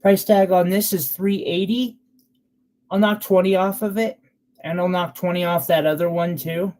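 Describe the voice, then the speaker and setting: A man's voice: high-pitched, steady tone, normal speed, darkish tone. A man selling gemstones on a live stream, chatting in a casual, sentimental way with loose fillers. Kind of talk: casual live sales chat.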